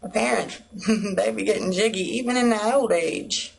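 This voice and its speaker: A woman's voice: medium pitch, moderate pace, creaky, low-quality recording. Young midwest girl rambling to her camera, chatty and bubbly, says like a lot, slight hiss behind. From United States. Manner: bubbly, rambling, heavy use of "like". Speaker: vlogger. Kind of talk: casual to-camera chat.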